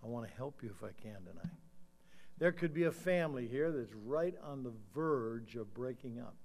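A man in his sixties preaching in a church, telling a story and then rising to loud, emphatic calls before leading a quiet prayer. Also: mid-range voice, animated, normal speed, gravelly. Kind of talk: sermon with altar call. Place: church sanctuary.

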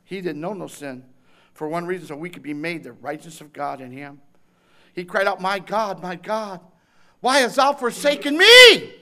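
A man preaching a sermon, with emphatic, repetitive phrasing that swings from shouted intensity to hushed tenderness. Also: fairly high pitch, normal speed.

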